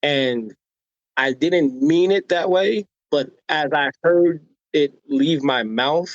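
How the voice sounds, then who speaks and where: On a podcast, an American man with a fairly high voice speaks slowly as he tells personal stories with energy, acting out quoted voices and often adding "right?" to draw listeners in. The recording is dry and lo-fi.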